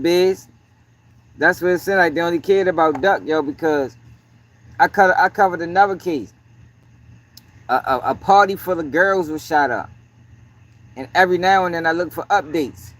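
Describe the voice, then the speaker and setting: Profane, slightly high-voiced male streamer. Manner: profane, peppers talk with "yo"; greets chat between points. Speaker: livestream host. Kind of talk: casual livestream commentary.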